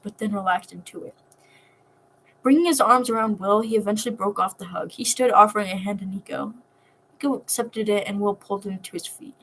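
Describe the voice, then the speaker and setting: A woman reading fan fiction aloud in a soft, emotional manner. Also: mid-range voice, slight background noise, rough recording. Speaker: story reader.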